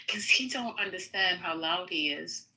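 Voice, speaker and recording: A woman's voice: on the low side, animated, takes it slowly, pushed and bright, rough recording. A chatty, amused woman talking in a casual group chat.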